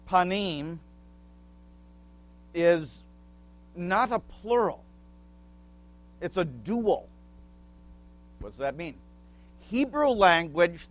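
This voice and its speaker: Slow, higher-voiced male pastor preaching. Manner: asks the congregation questions and pauses for answers; explanatory teaching tone with small asides. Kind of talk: sermon.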